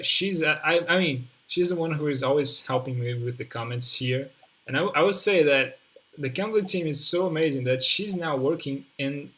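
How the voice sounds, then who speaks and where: A man's voice: medium pitch, rough recording. A man hosting a live online English session, talking casually with hesitant restarts and frequent "mm-hmm". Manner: hesitant, restarts, warm back-channel "mm-hmm".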